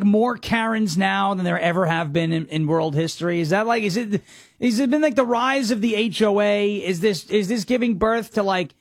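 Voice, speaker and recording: A man's voice: sits high, dry recording, clean studio sound. A man from the United States hosting a political commentary podcast, mocking and sarcastic, rambling with many restarts. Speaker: host.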